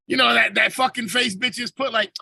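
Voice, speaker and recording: Podcast host, male, very high gravelly voice, sharp and husky, swears freely through a comic rant on a video call. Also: fairly even intonation, normal speed, no room sound, rough recording. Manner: profane, storytelling with swearing and slang. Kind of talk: casual comedic rant.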